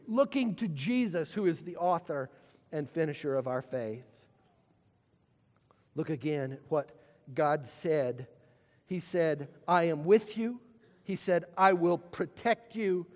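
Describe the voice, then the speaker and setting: A pastor preaches in a high, unhurried voice that rings through a long hall reverb. He stumbles and repeats himself as he builds, then drops to a near hush. The sermon style comes through in every phrase. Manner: preaching with repetitions and dramatic pauses, swinging from loud to hushed.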